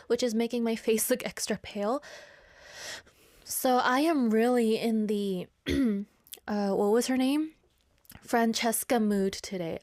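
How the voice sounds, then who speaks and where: A woman's voice: fairly high pitch, a little mellow, dry recording. A woman hosting a radio show in a studio, chatting casually in a bubbly, rambling, playful way. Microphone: studio microphone.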